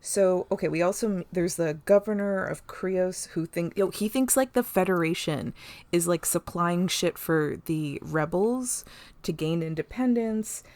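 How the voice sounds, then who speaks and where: A woman's voice: lowish voice, measured pace, darkish tone. A woman co-hosting a podcast, recapping an episode in casual chat, rambling, laughing often and swearing casually. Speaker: podcast co-host.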